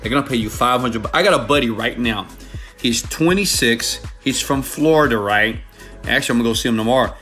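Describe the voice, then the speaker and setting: A man giving an energetic sales-pitch monologue to viewers. He is pushy and emphatic, repeats punchy phrases, and keeps checking in with "okay?" and "right?". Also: fairly quick, soft background music. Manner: repetitive, punchy hype phrasing. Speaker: online money-making presenter.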